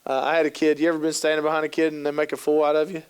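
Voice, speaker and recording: A fairly high-voiced man in his thirties tells funny stories to a live audience, dropping into little acted-out voices now and then. His tone is smooth and clear, and his delivery stays loose and conversational, with plenty of fillers. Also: completely flat delivery, rapid-fire. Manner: jokey, acts out quoted voices, lots of fillers. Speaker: keynote speaker on youth work. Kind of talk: humorous storytelling talk to an audience. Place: conference hall.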